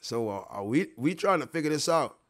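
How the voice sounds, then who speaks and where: A man's voice: a little high, very animated, a little fast. Rambling, profane man talking to his viewers. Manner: rambling, profane, repeats himself, talks straight to viewers. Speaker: online show host. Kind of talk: casual livestream commentary.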